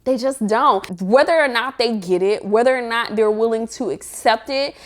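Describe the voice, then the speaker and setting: A young woman with an African American English accent speaks to camera in a relaxed advice-giving vlog. Her voice sits a little high, and she is animated and playful. She breaks into sassy, sing-song interjections as she acts out everyday scenes. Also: moderate pace. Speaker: vlogger giving life advice. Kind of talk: casual advice talk to camera.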